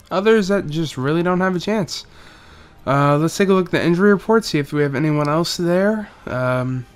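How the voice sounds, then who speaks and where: A man's voice: on the high side, smooth. Joking young man narrating gameplay. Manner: joking, rambling, mock play-by-play. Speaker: gaming YouTuber. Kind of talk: casual gameplay commentary.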